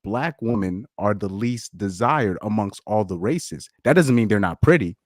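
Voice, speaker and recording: A man hosting a casual live stream chat, talking in an animated, rambling way, with frequent laughs and repeated words. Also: lowish voice, normal speed, no echo, clean studio sound. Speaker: podcast host.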